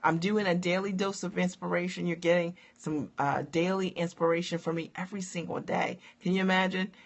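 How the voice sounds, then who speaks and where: Upbeat woman coach, forties, gravelly edge to the voice, casual live-stream chatter. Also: on the low side, steady tone, brisk, lo-fi sound. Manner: upbeat, chatty, many fillers and asides.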